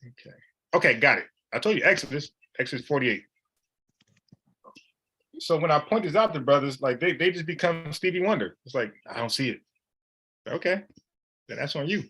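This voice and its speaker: A man's voice: fairly high pitch, expressive, a little fast, pauses often, bright, forceful tone, husky. A man leading an informal Bible study, talking in an emphatic, slangy, conversational way.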